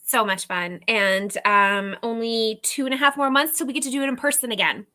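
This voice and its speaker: A woman's voice: fairly high pitch, a little fast, sharp tone. A Canadian woman with a Canadian accent co-hosting a casual livestream chat, chatty and laughing often. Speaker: co-host.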